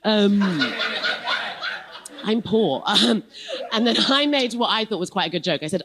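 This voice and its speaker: An English comedian in her thirties with a posh RP accent performs stand-up, then chats as a guest in a casual interview, wry and self-mocking. Her mid-range voice has lively intonation and a fairly bright tone, at normal speed with frequent pauses.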